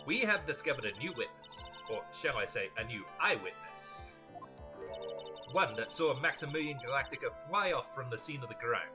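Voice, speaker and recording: A man voicing a stern young female prosecutor in clipped, commanding tones, with a deliberately clumsy put-on Russian accent. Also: medium pitch, expressive, over music, pitched above the performer's own voice, lightly acted. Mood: haughty.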